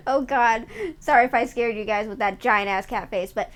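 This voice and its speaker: A woman's voice: on the high side, normal speed, fairly bright tone, slight background noise. Giggly, playful woman streamer. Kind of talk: casual stream chat reacting to a video.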